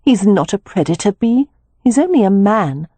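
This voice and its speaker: A woman reading an audiobook, voicing a lively young woman who is amused and a little skeptical. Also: mid-range voice, moderate pace, breathy edge, no room sound, pitched above the performer's own voice. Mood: wry. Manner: wry and teasing.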